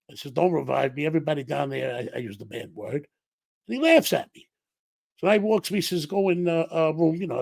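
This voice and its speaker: A middle-aged man, a podcast guest, telling a story in an animated way and acting out the dialogue. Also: mid-range voice, vocal fry, slightly rough, dry recording.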